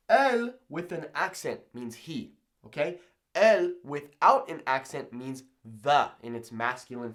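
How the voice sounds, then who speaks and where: A man teaching a Spanish lesson at a whiteboard, checking in with "okay?" after nearly every point and slowing down on example phrases. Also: fairly high pitch. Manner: animated, repeats "okay?" often, slows down on example phrases. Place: classroom-style room with whiteboard.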